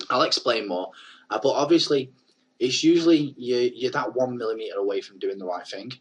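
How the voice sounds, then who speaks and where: A man's voice: medium pitch, lively intonation, a little fast, husky, poor audio. A man coaching on network marketing in a casual talking-head video, chatty and earnest. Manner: chatty, earnest, rambling advice.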